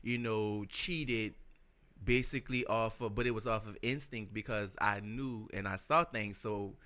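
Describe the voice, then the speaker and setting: A man's voice: on the low side, steady tone, a little slow. A man co-hosting a podcast, speaking casually and candidly, hedging his thoughts with "you know" and "I think.". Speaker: podcast co-host. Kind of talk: casual chat. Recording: loud music playing behind.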